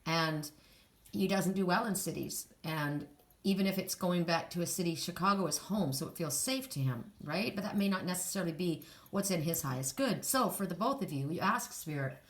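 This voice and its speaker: A woman giving a casual spiritual card reading, talking straight to the listener in a rambling way, with restarts and soft sighs. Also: on the low side. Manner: emotional, soft and sighing in places. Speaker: psychic card reader.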